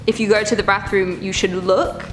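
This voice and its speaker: A woman's voice: mid-range voice, little pitch movement, moderate pace. Squeamish woman reacting over music. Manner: squeamish, groaning and exclaiming in disgust. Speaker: reaction video host. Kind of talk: casual reaction commentary.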